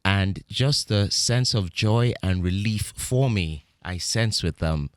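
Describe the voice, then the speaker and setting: Low-voiced British man in a dry room. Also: slow, no room sound. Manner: reflective, with frequent restarts and "you know". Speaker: guest actor. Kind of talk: casual interview chat.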